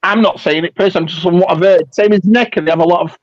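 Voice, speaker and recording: A man co-hosting a casual chat with quick, joking banter. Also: sits high, lo-fi sound. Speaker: toy show co-host.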